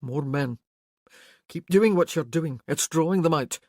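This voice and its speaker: A narrator voicing a hardened Highland warrior man who gives curt, forceful orders. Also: unhurried, dry recording, clean studio sound. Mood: urgent. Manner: curt, commanding.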